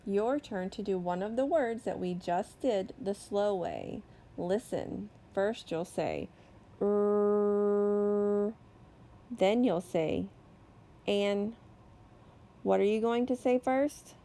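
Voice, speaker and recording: A woman teacher giving a slow, deliberate phonics lesson to young children, stretching out each sound. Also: medium pitch, big pitch swings, creaky, warm tone. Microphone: recorded voice-over for a whiteboard lesson video.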